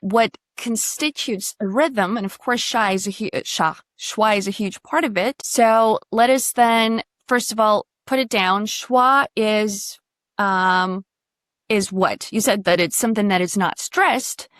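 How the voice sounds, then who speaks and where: A woman's voice: mid-range voice, measured pace, a bit bright, dry recording, studio quality. A woman coaching pronunciation in a casual online lesson, chatty and quizzing her student, swearing now and then.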